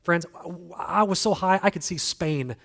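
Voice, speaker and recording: A man preaches a sermon in a relaxed, conversational way, repeating key phrases for emphasis. His voice sits a little higher than most men's, and he mixes in self-deprecating jokes. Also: moderate pace, gravelly. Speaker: guest speaker.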